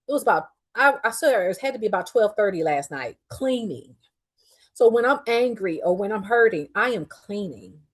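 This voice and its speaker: A middle-aged woman hosting a podcast, telling a personal story in a candid, profane and heated way, upset after a day of crying. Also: mid-range voice. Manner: candid, profane and heated, swinging between quiet fuming and loud outbursts. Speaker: podcast host.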